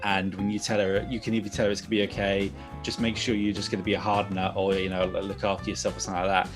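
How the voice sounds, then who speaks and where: A man's voice: low voice, flat delivery, quick pace, music in the background. Rambling man chatting. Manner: rambling, emotional, laughs often. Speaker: panelist. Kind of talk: casual chat.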